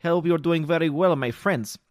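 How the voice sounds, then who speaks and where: A man's voice: on the high side, normal speed, dry recording. A man hosting a live stream, sarcastically greeting viewers and reading chat while fighting a cold.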